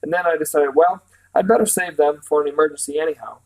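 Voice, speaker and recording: A man's voice: a little high, fairly even intonation, fast talker, a little mellow, close to an everyday voice, low-quality recording. A man reading the part of a small, precocious boy who talks in a matter-of-fact, earnest way.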